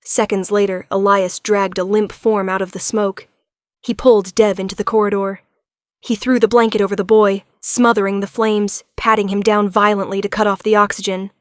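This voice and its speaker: A woman's voice: medium pitch, level tone, moderate pace, dry recording. A woman narrating a suspenseful first-person audiobook. Her voice sits in a middle range and the sound is dry and close. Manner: tense first-person storytelling.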